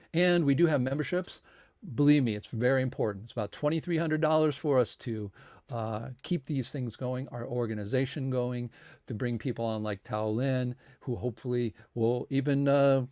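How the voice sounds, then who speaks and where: A man's voice: medium pitch, darkish tone, no echo. Guy hosting an online science talk, midrange voice, rambles with lots of uh and um, dry close sound. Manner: rambling, with many fillers, restarts and asides. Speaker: host of a science society talk series. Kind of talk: casual spoken introduction and appeal for donations.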